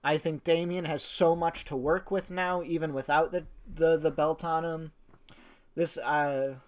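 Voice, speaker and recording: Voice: mid-range voice, fairly even intonation, unhurried. A wrestling reviewer talking in a casual spoken review, gushing and rambling with many fillers and restarts, and swearing casually.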